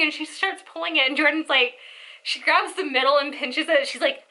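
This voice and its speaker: Young woman, casual storytelling, animated, acts out relatives, high pitch. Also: a little fast. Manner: animated, acts out family members' lines. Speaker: storyteller vlogger.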